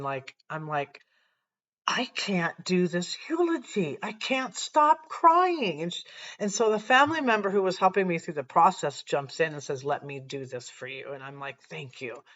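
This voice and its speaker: Speaking to camera, a woman shares her personal faith testimony earnestly and reflectively, often pausing and restarting sentences. Her voice is low-pitched and the recording sounds lo-fi.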